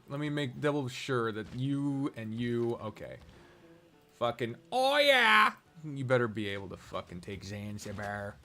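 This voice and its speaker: A man streaming a strategy game, rambling casually, talking to himself and swearing often. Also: medium pitch. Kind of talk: casual live-stream chat while gaming.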